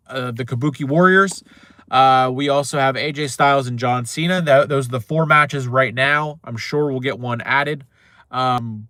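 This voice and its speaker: A man's voice: medium pitch, pushed and bright, no room sound. A young man hosting a casual livestream, reading and answering viewer comments with many fillers and restarts. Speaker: show host.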